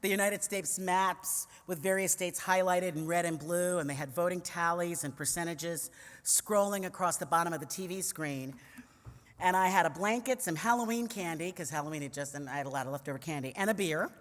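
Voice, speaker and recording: A New York City woman in her fifties, a commentator and conference speaker, delivers a funny personal story in a large conference hall, witty and chatty with playful asides to the crowd. Her voice sits on the low side and moves briskly. The big hall lends a long reverb.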